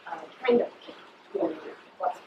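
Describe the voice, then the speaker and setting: A woman's voice: moderate pace, muffled recording, noisy background. A middle-aged woman with a Malaysian accent, a chef giving a chatty, explanatory cooking class in a hotel kitchen and often checking in with her listeners. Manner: chatty, explanatory, checks in with "you know" and "all right". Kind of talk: live cooking demonstration. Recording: echoey kitchen.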